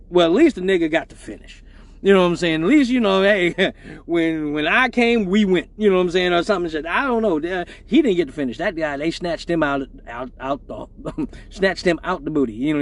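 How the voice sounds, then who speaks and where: Male livestream host, high voice, casual and profane storytelling, laughs a lot, repeats himself. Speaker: exotic dancer hosting a weekly live show.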